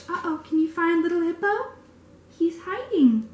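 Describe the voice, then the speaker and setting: High, animated preschool teacher reading. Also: female voice, moderate pace, reverberant. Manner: warm, encouraging questions to children. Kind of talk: reading a picture book to young children.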